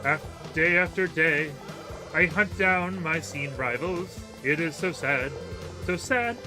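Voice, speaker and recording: A man's voice: on the high side, slow pace, music in the background. A man voicing a weepy, self-pitying male killer who wants to be a pop singer, reading his lines with melodramatic sobs. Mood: mournful.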